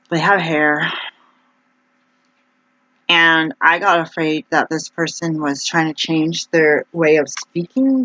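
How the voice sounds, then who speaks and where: This woman has a low, slightly bright voice with no room sound. Talking casually to camera as a vlogger, she wanders from point to point, full of "like" and restarts. The audio is dull and lo-fi, with a faint hiss.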